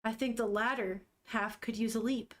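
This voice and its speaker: A calm young vampire woman speaks softly and coolly, never in a hurry, as a woman reading a manga aloud puts her on. She sounds teasing and completely unbothered. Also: a little high, normal speed, pitched below the performer's own voice, lightly acted. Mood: nonchalant.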